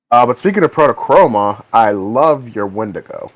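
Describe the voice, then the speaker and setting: A male podcast co-host chats casually, often hesitating and restarting his sentences. His voice is medium-pitched, and the low-quality recording has no echo.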